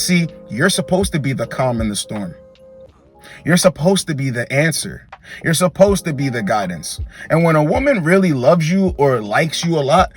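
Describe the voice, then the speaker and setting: A man's voice: on the high side, fairly bright tone. A man giving dating advice in an emphatic, repetitive, slangy monologue.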